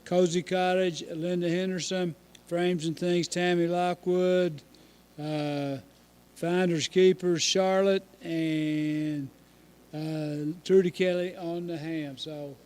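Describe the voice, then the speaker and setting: A man reads a list of names very slowly, halting between them. His voice is smooth and a little high. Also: little pitch movement, a little mellow.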